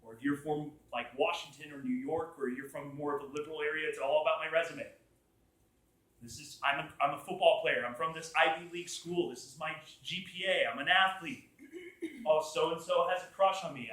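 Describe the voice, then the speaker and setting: Bright-voiced young man teaching in an echoey room. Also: a little high, moderate pace. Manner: animated, acts out quotes, asks the room questions. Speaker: college group teacher. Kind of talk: casual Bible teaching to a group. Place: room with a group listening.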